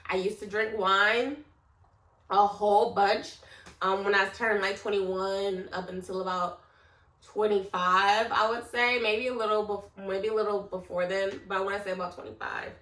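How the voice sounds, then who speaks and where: Woman, late twenties, casual vlog chat, rambling, candid, bright tone, echoey room. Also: medium pitch, steady tone, moderate pace. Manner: rambling and candid, talks straight to viewers. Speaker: vlogger. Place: room at home. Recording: echoey room, mic at a distance.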